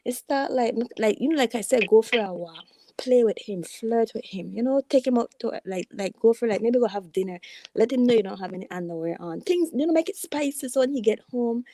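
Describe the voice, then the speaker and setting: A woman's voice: on the high side, expressive, fairly quick, mellow, dry recording, clean studio sound. A woman guest on a livestream giving frank advice, with lots of fillers. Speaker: call-in guest. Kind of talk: casual chat.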